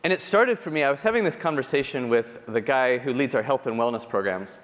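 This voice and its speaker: A man giving a keynote talk, telling personal stories in an animated, self-deprecating way and acting out the people he quotes. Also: mid-range voice, a little fast. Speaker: conference speaker. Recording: long hall reverb.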